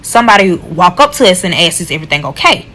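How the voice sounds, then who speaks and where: A woman telling a casual storytime, blunt and profane, animated as she retells what happened. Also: on the low side, fast talker, rough recording.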